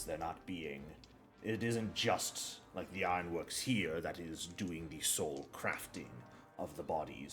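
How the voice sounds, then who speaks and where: A man voicing a cagey adult male alchemist business owner who speaks in a measured, hedging, matter-of-fact way. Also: sits low, a bit bright. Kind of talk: in-character role-play.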